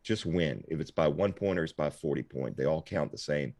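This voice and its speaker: A man's voice: rumbling low, expressive, a little fast, darkish tone, no echo. A middle-aged man in casual podcast chat, telling a rambling, reflective story. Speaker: guest host.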